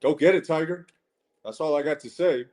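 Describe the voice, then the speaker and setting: A man's voice: a little high, normal speed, darkish tone. A man giving a casual live-stream tarot reading, blunt and chatty, swearing and calling viewers ladies and gents.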